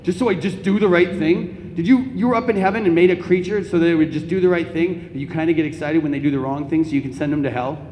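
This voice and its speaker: A young man with a high, light voice tells comic stories from his own life to a crowd, getting animated as he goes. His voice rings around a big echoey hall, with a faint hum of the room behind him. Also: racing, hardly any pauses. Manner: animated, comic storytelling with laughs. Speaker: Catholic speaker. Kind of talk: storytelling talk to an audience.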